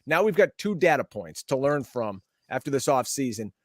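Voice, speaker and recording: A man hosting a sports podcast with upbeat, chatty banter and quick promotional plugs over what sounds like a video call. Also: mid-range voice, big pitch swings, no room sound, clean studio sound. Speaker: podcast host. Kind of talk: lively show hosting, casual banter.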